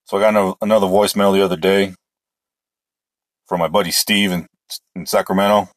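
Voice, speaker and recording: A man's voice: low voice, little pitch movement, fairly quick, dry recording. A man hosting a casual solo sports show, opinionated and rambling, often restarting his sentences. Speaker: sports podcast host.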